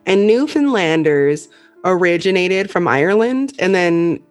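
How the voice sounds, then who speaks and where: A woman hosting a podcast, chatty and quick to laugh. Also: on the low side, expressive, faint music behind. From Canada. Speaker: podcast host. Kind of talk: casual chat.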